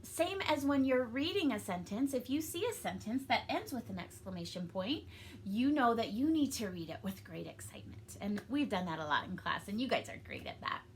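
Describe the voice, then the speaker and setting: A woman's voice: medium pitch, a little hiss or hum. A young adult woman teaching a recorded reading lesson to young pupils, upbeat and encouraging. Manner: upbeat, encouraging, sing-song with excited peaks. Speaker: elementary school teacher.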